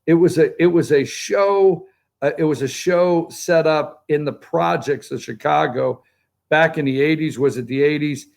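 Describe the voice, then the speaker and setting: Middle-aged male host, gravelly and a bit high, sarcastic opinion commentary, rambling direct address. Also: a little slow. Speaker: political talk show host. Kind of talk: opinionated morning show commentary.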